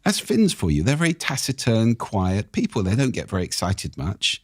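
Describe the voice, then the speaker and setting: A man, a speaking expert and podcast guest, explaining things in a measured way with examples, his voice a little croaky. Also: lowish voice, huge pitch swings, dry recording, studio quality. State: slightly croaky. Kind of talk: explanatory interview talk. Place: podcast studio.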